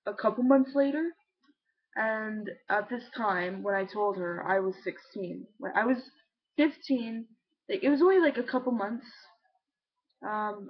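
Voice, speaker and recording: A man's voice: sits high, lo-fi sound. Rambling young trans man on webcam. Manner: rambling, heavy use of "like", casual swearing. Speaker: vlogger. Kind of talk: casual confessional storytelling.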